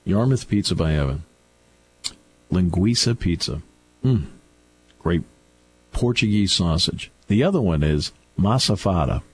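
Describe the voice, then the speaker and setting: Lively low-voiced man hosting radio chat. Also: a little slow, pauses often, husky. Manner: storytelling, chatty with restarts. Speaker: radio talk show host. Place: radio studio.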